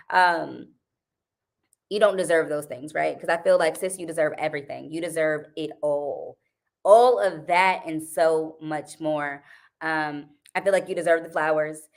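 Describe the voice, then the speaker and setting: A young adult woman with a low, gravelly, unhurried voice runs a casual livestream. She talks with her viewers animatedly and laughs often.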